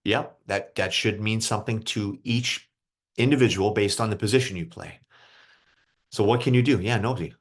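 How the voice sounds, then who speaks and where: On a video call, a youth hockey mental coach leads an online group session with young players, keeping it casual and encouraging while asking them questions. His voice sits on the low side and moves at a normal speed.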